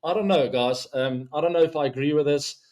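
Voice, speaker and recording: A man's voice: on the high side, fairly quick, darkish tone. A middle-aged man hosting a cricket show, talking casually and directly to his viewers with frequent ums. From South Africa. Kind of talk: casual solo commentary to camera.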